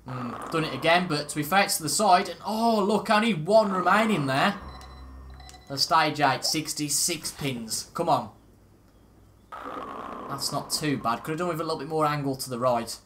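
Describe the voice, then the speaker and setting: A young man hosts a gaming video, casually commentating on his let's-play in a chatty, self-mocking way and reacting aloud as he goes. His voice is a little high, his pace moderate, with background noise present.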